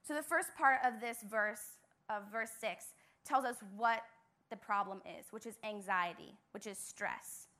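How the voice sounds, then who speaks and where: Bright-voiced young woman giving a devotional. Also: fairly high pitch, unhurried. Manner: earnest, emphatic repetition. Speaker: church intern. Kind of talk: youth devotional message.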